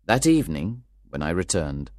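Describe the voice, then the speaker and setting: A man's voice: low voice, very animated, normal speed, a little mellow, no room sound, clean studio sound. A man reading scripted narration of a detective story.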